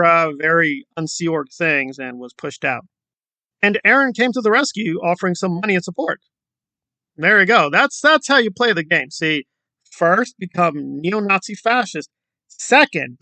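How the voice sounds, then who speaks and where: A man rants on his own commentary channel in a bright, sharp voice, heavy with sarcasm and mockery. The recording is dry and close, with no room sound. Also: sits high, no room sound. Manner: sarcastic, mocking, emphatic.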